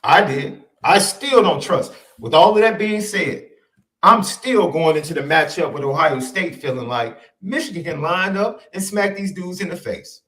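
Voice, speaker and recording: A man's voice: on the high side, moderate pace. A man co-hosting a sports podcast in casual chat, emphatic and repeating his points. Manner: animated, emphatic repetition. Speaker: podcast co-host.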